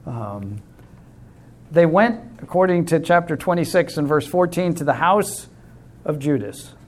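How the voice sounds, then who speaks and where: A man's voice: fairly high pitch, lively intonation, a little slow, a little mellow. A man teaching a Bible study class in a conversational way, explaining with simple illustrations and calling on class members.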